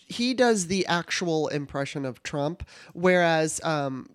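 A man's voice: a little high, animated, slow pace, clear, resonant tone. A man co-hosting a podcast, laughing often and asking questions with hesitant restarts. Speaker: podcast co-host. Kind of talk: casual chat.

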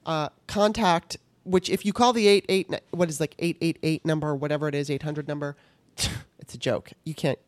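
A woman's voice: deep voice, fairly even intonation, moderate pace, no echo. A woman hosting a casual podcast, ranting with exasperation and swearing as she retells a customer service saga. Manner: exasperated, profane, storytelling with quoted dialogue. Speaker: podcast host.

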